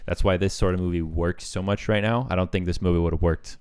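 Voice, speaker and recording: A man's voice: low-pitched, steady tone, quick pace, a little mellow, clear, resonant tone, no echo, clean studio sound. A man co-hosting a casual film review podcast, laid-back and swearing freely, with plenty of fillers. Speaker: podcast co-host.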